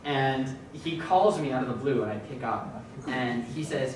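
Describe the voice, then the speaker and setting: A man's voice: medium pitch, normal speed. A young man telling a comic monologue about a friend, hesitant and laughing at himself. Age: young adult. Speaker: improv performer. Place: stage in a university hall. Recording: echoey hall from far off with noise.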